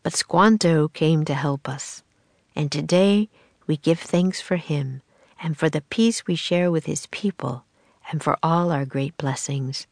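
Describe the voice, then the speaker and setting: A woman's voice: deep voice, unhurried, creaky, no room sound. A woman reading aloud, voicing a colonial governor who makes a formal speech. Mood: solemn. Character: solemn colonial governor, grown man.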